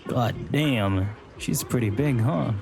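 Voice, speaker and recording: A man's voice: medium pitch, slow pace, gravelly, noisy background. A young man casually commentating a game on a live stream, chatty and joking, gushing about character designs.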